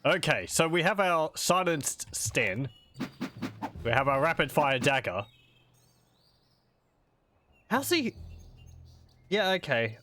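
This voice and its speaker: A man's voice: fairly high pitch, sing-song, slow pace, pauses often, bright, forceful tone, slight background noise. A man hosting a casual let's-play, chatting and rambling as he plays and often correcting himself. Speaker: gaming video host. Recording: faint game music behind.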